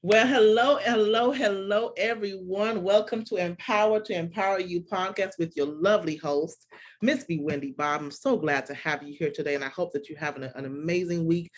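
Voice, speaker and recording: A woman's voice: low voice, fairly quick. A woman hosting a faith-based podcast interview, effusive and full of restarts. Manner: warm, effusive, with frequent restarts. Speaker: podcast host.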